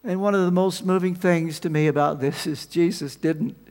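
High-voiced preacher in a reverberant hall. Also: male voice, moderate pace. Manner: animated storytelling, swings between loud emphasis and quiet asides. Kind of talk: sermon. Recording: long reverb of a large hall.

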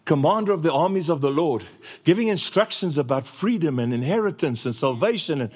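A man's voice: a little high, a little fast, slightly rough. South African man preaching a sermon. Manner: lively storytelling with laughter.

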